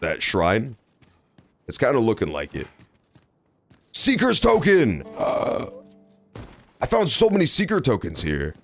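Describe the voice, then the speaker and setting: A man's voice: huge pitch swings, a little slow, vocal fry, pauses often, soft background music. A man streaming a game, chatting casually and joking with plenty of swearing. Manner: joking, profane, jumps between high and low pitch. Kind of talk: casual gameplay commentary.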